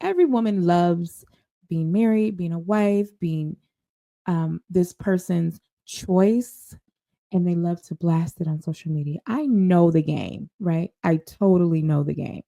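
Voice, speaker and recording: A woman's voice: on the low side, unhurried, creaky, warm tone. A woman hosting a talk show, telling a story in a sassy, confident, emphatic way. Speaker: podcast host. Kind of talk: storytelling monologue.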